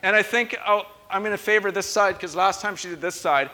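A man's voice: high-pitched, a little fast, pushed and bright, a little hiss or hum. A young adult man preaching a conversational sermon, playful and chatty as he teases the congregation. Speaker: pastor. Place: church sanctuary. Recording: long hall reverb of a church.

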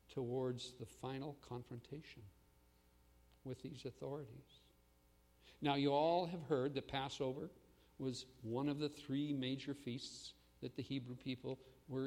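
A man preaching a sermon as pastor, swinging between loud proclamation and hushed asides. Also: mid-range voice, big-room sound.

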